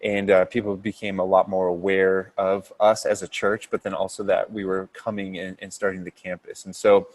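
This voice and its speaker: Earnest low-voiced man, flat and steady. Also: moderate pace, few pauses. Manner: earnest, steady, with frequent ums and restarts. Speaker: pastor starting a new church campus. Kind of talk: casual podcast interview.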